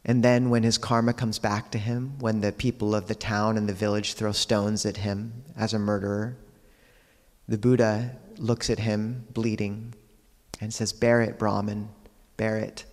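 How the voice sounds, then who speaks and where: A man, a Buddhist monk, giving a dharma talk, telling teaching stories in a calm, measured way with quiet pauses. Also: on the low side, big-room sound.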